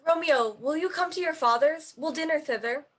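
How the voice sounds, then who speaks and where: A woman's voice: high-pitched, normal speed, slight background noise, lightly acted. A woman playing a forthright young nobleman who speaks urgently in a staged reading.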